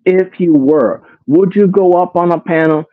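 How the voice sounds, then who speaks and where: A fairly high-pitched man talks slowly and deliberately, exasperated, pressing his viewers with rhetorical questions and repeating himself. The sound is tinny and phone-like, with a dry, close feel and no room around it. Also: no room sound. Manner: swears, repeats phrases. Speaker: commentary streamer. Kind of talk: casual commentary to a live chat.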